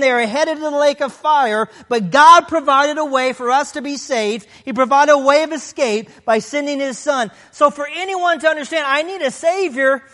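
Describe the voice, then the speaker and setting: Brief: high-pitched pastor, emphatic sermon delivery, long reverb of a big church hall. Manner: emphatic, swings from loud declarations to hushed low passages; reads scripture aloud between points.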